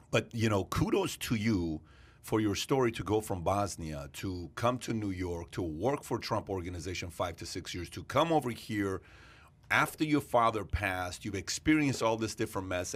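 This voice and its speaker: Low-voiced accented man hosting a podcast. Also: lively intonation, moderate pace. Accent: foreign, non-native English. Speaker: host. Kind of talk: podcast conversation.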